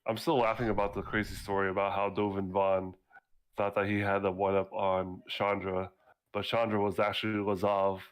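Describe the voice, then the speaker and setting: Co-host, young male, lowish voice, rambling, chatty. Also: little pitch movement, moderate pace, clear, resonant tone. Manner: rambling, laughs at own stories. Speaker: podcast co-host. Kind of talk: casual gaming chat.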